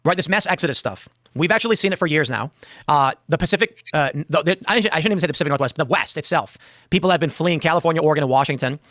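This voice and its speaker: A man's voice: fairly high pitch, very fast, fairly bright tone, no room sound, studio quality. A man talking as a political pundit on a talk show, confident and declarative.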